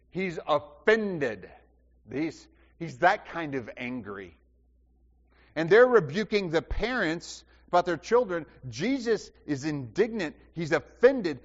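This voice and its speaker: A man preaching a sermon, asking the congregation questions and repeating phrases for emphasis. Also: fairly high pitch. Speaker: pastor. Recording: dull sound with long hall reverb.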